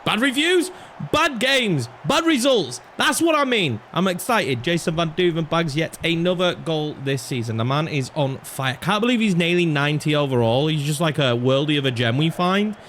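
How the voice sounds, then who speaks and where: A young man commentating over his own football video game, excitable and swinging from low muttering to shouts at chances and goals. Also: brisk, hardly any pauses, slight background noise. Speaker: gaming YouTuber. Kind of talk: live commentary over gameplay.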